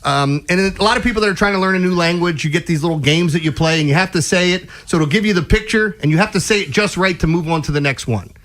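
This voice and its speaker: A man hosting a casual sports radio show, telling animated stories with frequent laughter. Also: high voice, fast talker, hardly any pauses. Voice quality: animated storyteller, laughs often.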